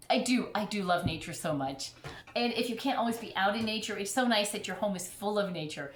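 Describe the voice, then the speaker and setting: With an expressive, medium-pitched voice and a slightly fast pace, a middle-aged woman chats about her houseplants while getting over an illness. She rambles and laughs often in her plant-filled home, and the roomy recording carries a little hiss or hum.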